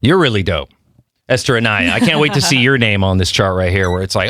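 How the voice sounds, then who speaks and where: A man's voice: lowish voice, lively intonation, fairly quick. A man hosting a podcast interview, playful and eager, joking with his guests. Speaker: podcast host. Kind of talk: casual interview chat.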